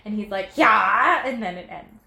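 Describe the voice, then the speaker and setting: A young woman vlogging at home, chatting casually and telling goofy stories in a playful, animated way. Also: mid-range voice, moderate pace. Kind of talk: casual chat, playful storytelling.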